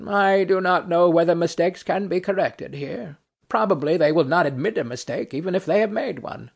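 A man's voice: sits high, moderate pace, creaky, slightly rough, exaggerated voice. A man reading a weary, mocking nobleman. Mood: dryly mocking. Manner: dry, mocking, philosophical. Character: weary, ironic nobleman and duelist in hell. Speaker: audiobook narrator. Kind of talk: reading a stage play aloud.

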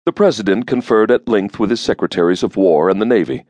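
A man reading an audiobook in steady, grave scripted narration. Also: fairly low pitch, fast, no echo. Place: studio booth. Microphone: close studio mic.

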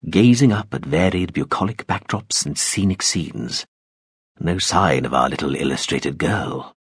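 A pompous, deep-voiced villain from an audiobook, as a male narrator puts him on. He coaxes and threatens in a theatrical, silky way, with a low, slightly husky tone and a lively rise and fall. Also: unhurried, dry recording, studio quality, heavily acted. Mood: amused. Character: smug wealthy menacing man hunting a girl. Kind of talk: audiobook character voice.

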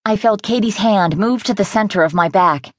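A woman narrating a romance novel in the first person, in a measured, intimate way. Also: mid-range voice, no echo, studio quality. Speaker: audiobook narrator.

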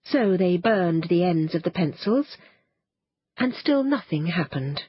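A woman narrating a children's storybook in a lively, expressive way. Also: fairly low pitch, a little slow, breathy edge, dry recording. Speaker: audiobook narrator. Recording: dull, muffled dry studio sound.

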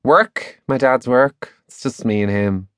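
A man's voice: mid-range voice, a little slow, no room sound, studio quality, natural voice. A man voicing a curious, bold schoolgirl who speaks eagerly and exclaims bluntly.

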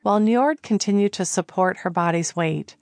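A woman narrating an audiobook in slow, even storytelling. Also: medium pitch, no echo, studio quality. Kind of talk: scripted narration.

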